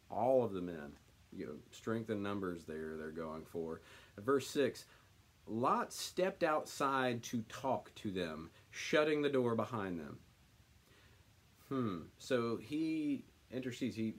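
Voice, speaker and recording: A man leads a casual Bible study, reading scripture out slowly and then musing on it. He talks as he thinks, with plenty of ums and uhs between his thoughts. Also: fairly low pitch. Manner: thinks aloud with many fillers, reads slowly then comments.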